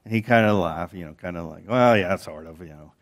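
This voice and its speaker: A man's voice: deep voice, fairly quick. A man preaching a sermon, telling stories with frequent repeated words and restarts. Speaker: pastor.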